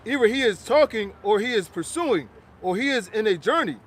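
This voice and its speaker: A man reading scripture aloud, loud and halting, a bit away from the mic. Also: sits high, lively intonation, slightly rough. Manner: reads scripture loudly with halting starts.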